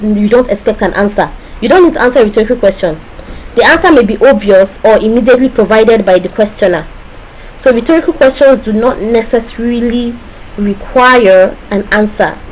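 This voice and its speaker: A woman teaching a class. She explains step by step, keeps checking that her students follow along, and reads example phrases slowly. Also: a little high, low-quality recording. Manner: explains with repeated check-ins and acted-out examples; slow, drawn-out reading of tongue twisters. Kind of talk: classroom lecture.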